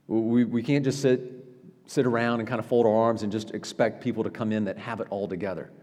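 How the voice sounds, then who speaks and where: A man preaching as a pastor in a church, talking in a conversational way with frequent "right?" asides and quick restarts. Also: fairly low pitch, steady tone, mellow, long reverb tail. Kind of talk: sermon. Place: church sanctuary.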